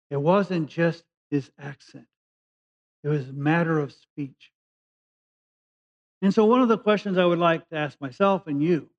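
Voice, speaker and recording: Reading scripture and then unpacking it plainly, a pastor from California gives a conversational Bible-teaching sermon. He speaks a little high and puts weight on key words, all captured in a dull, lo-fi recording.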